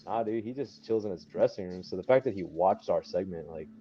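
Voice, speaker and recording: Animated young man telling wrestling stories. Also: brisk, husky. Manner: animated, laughing often, acts out other people's lines in a high voice. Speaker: professional wrestler guest. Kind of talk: casual storytelling. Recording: dull lo-fi podcast audio.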